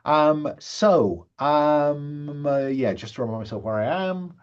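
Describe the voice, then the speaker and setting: A man's voice: on the high side, slow, clear, resonant tone, faint music behind. A man running a tabletop session zero over a video call, chatty and full of fillers and restarts. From Wales. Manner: chatty, self-interrupting, lots of fillers. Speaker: game master. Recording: slightly lo-fi online call audio.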